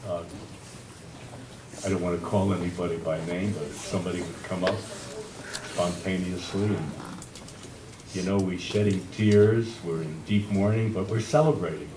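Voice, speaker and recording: A man leading a memorial service, inviting people to share memories in a gentle, soft-spoken way. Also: low-pitched, fairly even intonation, moderate pace, long pauses. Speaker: officiant of the service. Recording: echoey hall from far off with background noise.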